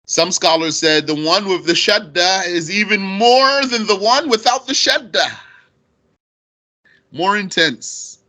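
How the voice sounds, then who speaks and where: A man teaching Arabic grammar in at a very unhurried pace, his voice bright and a little high. He repeats each term and asks rhetorical questions as he walks through a verse. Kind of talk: explaining grammar on a recorded lesson.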